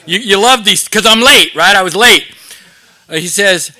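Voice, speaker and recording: A man's voice: high-pitched, normal speed, bright, forceful tone. A middle-aged man telling a story in a sermon to a recovery group, acting out the dialogue. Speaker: recovery ministry teacher.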